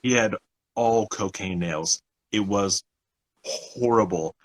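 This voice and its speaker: A man's voice: on the low side, slow, low-quality recording. A young man co-hosting a podcast, telling a story in casual chat, acting out other people's lines and swearing often. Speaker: podcast co-host.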